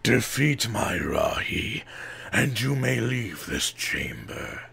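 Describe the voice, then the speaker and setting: A man voicing a sinister, gloating male shadow lord in a slow, low, hissing whisper for an audiobook. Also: big pitch swings, vocal fry, bright, forceful tone, breathy edge, exaggerated voice. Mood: menacing. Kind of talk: audiobook character voice.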